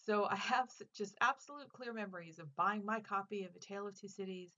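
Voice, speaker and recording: A woman's voice: medium pitch, a little fast, bright, forceful tone, highs cut off. A woman English teacher hosting a literature podcast, giving a casual spoken lesson in an earnest, chatty way with fillers.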